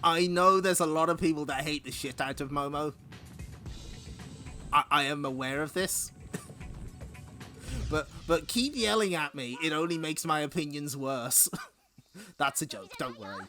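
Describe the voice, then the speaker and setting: A male streamer gives casual, wry commentary on a fighting game and giggles often. His voice is bright and very animated, with faint game music playing underneath. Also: a little high, unhurried, pauses often.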